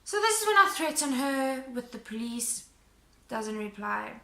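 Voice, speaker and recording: A woman tells a story to her camera in a casual, animated way. Her voice is high and bright with a gravelly edge. The room sounds echoey. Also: measured pace. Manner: animated retelling, acting out quotes. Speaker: vlogger.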